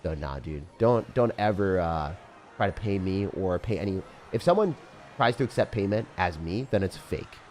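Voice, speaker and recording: A man giving live gameplay commentary as a streamer, casual and jokey, with sudden loud excited outbursts. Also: low-pitched, moderate pace. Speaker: game streamer.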